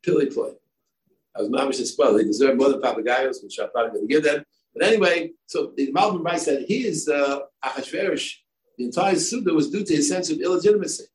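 Older rabbi lecturing in a roomy space. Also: male voice, on the high side, fast. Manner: discursive, many fillers and asides. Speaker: rabbi and yeshiva head. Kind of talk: Torah lecture. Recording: echoey room, distant mic, faint ambience.

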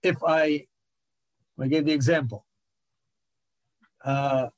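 Earnest high-voiced man teaching Torah. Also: steady tone, slow pace, no echo. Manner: earnest, repeats phrases for emphasis. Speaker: rabbi teaching a class. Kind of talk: Torah lecture.

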